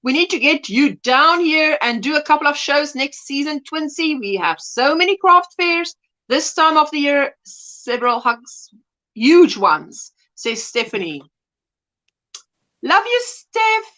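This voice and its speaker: Brief: woman host, high and animated, chatty, reads viewer comments aloud, warm greetings. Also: unhurried. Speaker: livestream host. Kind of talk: casual chat, reading viewer comments aloud.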